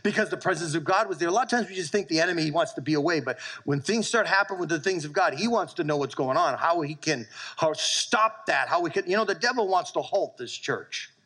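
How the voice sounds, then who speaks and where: A middle-aged male pastor preaching a sermon, telling animated stories and calling for amens from his church. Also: on the high side, fast talker, breathy edge, poor audio.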